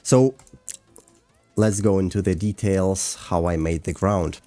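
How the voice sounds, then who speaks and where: Russian-accented male streamer, low and unhurried, hesitant and filler-heavy. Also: fairly even intonation, dark tone, dry recording, faint music behind. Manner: halting and hesitant, with frequent fillers and restarts. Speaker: streamer and animator. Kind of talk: casual livestream chat, reading chat and explaining.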